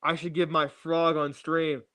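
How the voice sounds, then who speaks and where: Young male streamer, jokey rambler, slightly high voice, dry close mic. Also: level tone, a little slow, a bit bright, dry recording. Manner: rambling, jokey, repeats catchphrases to chat. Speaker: livestreamer. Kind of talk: casual livestream chat. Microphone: new streaming mic.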